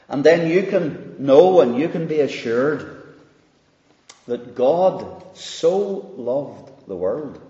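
A man preaching a sermon, slow and emphatic, swinging from loud rises down to hushed, quiet lines. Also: mid-range voice. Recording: dull, echoey hall recording.

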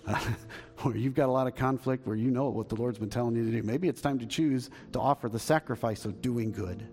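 Animated pastor in echoing church. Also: male voice, medium pitch, a little fast, faint music behind. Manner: animated storyteller, acts out quoted voices. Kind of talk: storytelling sermon and prayer. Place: church sanctuary.

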